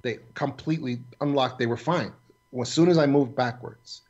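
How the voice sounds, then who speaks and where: A man's voice: medium pitch, a little mellow, lo-fi sound. Middle-aged man telling a tense story. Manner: halting, with frequent restarts and fillers. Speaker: guest, retired federal agent. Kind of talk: telling a personal story on a radio show.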